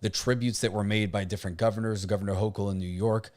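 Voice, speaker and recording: A man's voice: lowish voice, fairly even intonation, fast talker, a little mellow. A man from Puerto Rico hosting an opinion rant podcast, blunt and combative with sarcastic asides. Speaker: podcast host.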